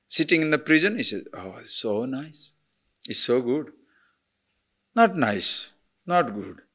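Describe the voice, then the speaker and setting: A man gives a spiritual discourse as a teacher. He asks rhetorical questions and swings from emphatic to soft. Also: medium pitch.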